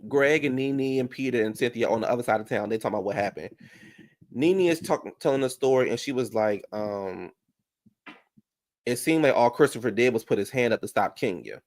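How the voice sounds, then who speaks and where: A man, casually reviewing a reality show, loud and animated, with profane storytelling and sudden falsetto outbursts. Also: a little fast, dry recording, clean studio sound. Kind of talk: casual reaction commentary.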